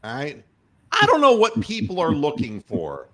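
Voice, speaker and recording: A man's voice: on the high side, wildly swooping pitch, moderate pace, fairly bright tone. A man hosting a podcast, ranting sarcastically and swearing freely. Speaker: podcast host. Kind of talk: profane rant.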